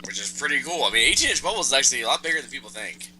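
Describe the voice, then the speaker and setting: A man's voice: medium pitch, big pitch swings, rapid-fire, pushed and bright, slight background noise, poor audio. A man who hosts a live show, chatting casually and eagerly about tabletop wargame rules, eating as he talks with his mic moved away. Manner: enthusiastic about game rules; eating while talking, mic pulled away. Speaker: show host. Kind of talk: casual gaming chat.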